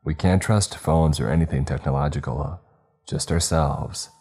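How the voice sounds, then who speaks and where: A man's voice: very deep voice, moderate pace, dark tone, breathy edge. A man voicing a teenage boy leading his classmates, speaking in an insistent, raised voice. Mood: intense. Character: urgent teenage boy leader rallying classmates.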